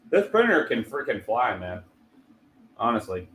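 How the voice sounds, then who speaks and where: A man's voice: medium pitch, very animated, normal speed, a little hiss or hum, poor audio. A man chatting casually on a livestream, rambling and talking to viewers while a 3D printer runs. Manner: laid-back, rambling, talks to chat. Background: printer running.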